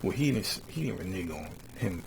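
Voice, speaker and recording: Gravelly low-voiced man, animated commentary. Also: a little hiss or hum, rough recording. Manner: reads quotes slowly, then rises into heated mocking rants; drawls "man" at phrase ends. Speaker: religious commentator. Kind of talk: casual commentary reading from a website.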